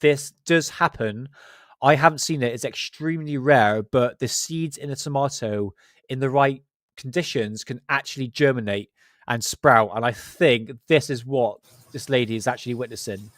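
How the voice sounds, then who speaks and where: This man, from Southwest England, hosts a livestream and speaks with a West Country English accent at medium pitch and normal speed. His casual chat is full of jokes, swearing and self-mockery, captured in clean studio sound with no echo.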